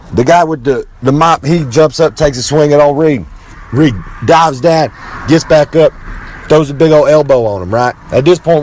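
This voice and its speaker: A brash man with a drawl spins a rambling comic tale. He swaggers through it with boastful asides and drawn-out dramatic pauses, talking about himself in the third person. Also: mid-range voice, darkish tone, a little hiss or hum. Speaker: wrestler telling a story. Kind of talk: rambling comic storytelling monologue.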